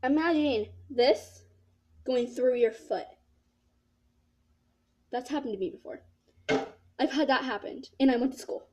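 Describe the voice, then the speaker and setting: A woman's voice: sits high, a little slow, pauses often, warm tone, a little hiss or hum. A teenage girl telling a casual story-time vlog, rambling and saying "like" a lot. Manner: rambling, filled with "like". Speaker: vlogger.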